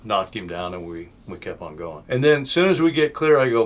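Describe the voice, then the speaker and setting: A man casually telling a personal story in a blunt, colloquial way, swinging between loud bursts and hushed asides. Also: fairly low pitch, big pitch swings, moderate pace, hardly any pauses. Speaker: channel host telling his life story.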